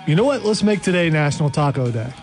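Quizzical higher-voiced radio co-host. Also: male voice, lively intonation, fast, a little mellow, soft background music. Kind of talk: casual sports radio banter.

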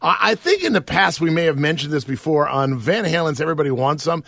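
A male radio show host in casual banter, animated and laughing, with frequent stumbling restarts. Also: a little high, quick pace, creaky, no room sound, clean studio sound.

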